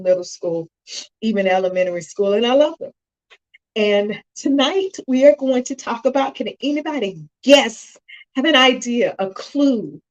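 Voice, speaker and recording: A woman's voice: medium pitch, low-quality recording. A middle-aged woman hosting a live stream on her phone, speaking with emotion and choking up at times as she addresses her viewers directly. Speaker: host of a self-help live stream. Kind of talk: heartfelt live-stream talk.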